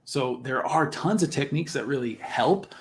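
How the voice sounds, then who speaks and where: A man's voice: mid-range voice, expressive, moderate pace. A man, a guest on a livestream talk show, explaining a point in an earnest way. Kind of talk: casual livestream chat.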